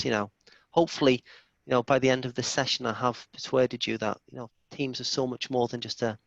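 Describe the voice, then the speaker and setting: A man presenting a software demo in a live online session, enthusiastic and chatty, often restarting his sentences. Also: medium pitch, vocal fry, no room sound. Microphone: video call. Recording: dull lo-fi video call audio.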